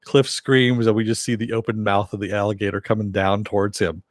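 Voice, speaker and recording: A man's voice: on the low side, level tone, brisk, dry recording, studio quality. A man casually recapping a TV episode, rambling with many fillers and self-corrections. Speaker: TV show reviewer.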